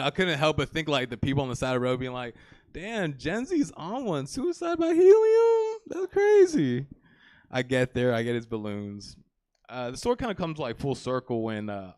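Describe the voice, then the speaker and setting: A man's voice: mid-range voice, fast, dry recording. A young man in his twenties doing a live stand-up set on a comedy theater stage, rambling and crude, with plenty of "you know" and "like".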